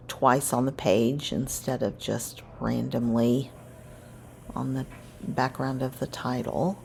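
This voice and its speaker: A woman with a very deep, gravelly voice narrates her scrapbooking in an easygoing voice-over, rambling and revising what she says. A little hiss or hum can be heard.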